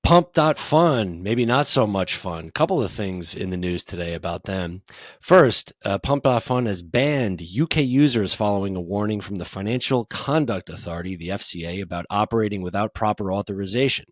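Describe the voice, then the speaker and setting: A man's voice: fairly low pitch, no echo. A man co-hosting a podcast who reads out news items and then discusses them casually. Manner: brisk news-read turning into casual banter. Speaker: podcast co-host.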